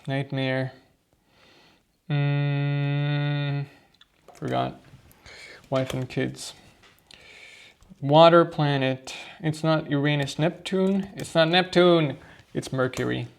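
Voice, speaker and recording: A man's voice: a little high, steady tone, extremely slow, gravelly, long pauses, clean tone. A man reviewing vocabulary flashcards on his own, thinking aloud and muttering answers to himself. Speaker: language learner reviewing flashcards. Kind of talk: casual study session vlog.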